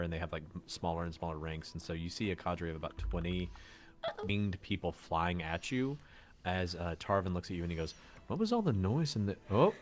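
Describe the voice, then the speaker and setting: A man running a tabletop game as game master, narrating loosely with many fillers. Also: sits low.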